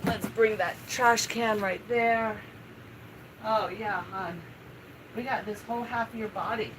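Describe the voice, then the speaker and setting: Slow-talking woman coaxing her dog. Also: medium pitch, fairly even intonation, noisy background. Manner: coaxing, soothing baby talk to a dog. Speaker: live-stream host. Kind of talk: casual live-stream chat while grooming a dog. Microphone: home live-stream setup.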